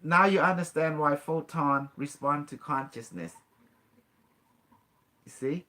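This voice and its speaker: Bright-voiced man coaching a guest. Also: fairly high pitch, slow. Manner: instructive, coaxing, laughs often, non-native grammar. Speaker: host teaching a guest. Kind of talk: casual guided demonstration.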